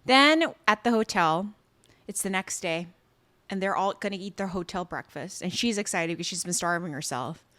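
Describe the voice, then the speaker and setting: Woman, podcast co-host, casual recap, lively pitch, acts out lines. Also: normal speed. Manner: animated storytelling, acts out characters' lines.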